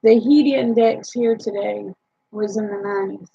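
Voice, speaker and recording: Tired, gravelly woman chatting. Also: mid-range voice, steady tone, normal speed, mellow, highs cut off. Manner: chatty, drawling, rambling with many fillers. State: tired, yawning. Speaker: homesteader talking to live chat viewers. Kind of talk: casual live chat.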